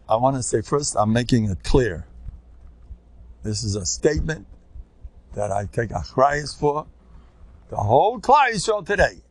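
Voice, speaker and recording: An older man giving an informal Torah lecture, animated, swinging between loud bursts and quiet asides and peppering his talk with Yiddish and Hebrew terms. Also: medium pitch.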